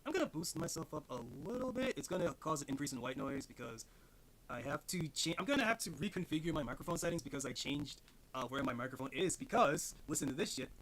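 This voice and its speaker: A man's voice: a little high, expressive, fast talker, a bit bright. A man streaming from his home desk, rambling and swearing as he thinks aloud, with his mic farther away than usual at an odd angle. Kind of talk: casual live-stream chat. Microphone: desk mic set farther away than usual, at an odd angle.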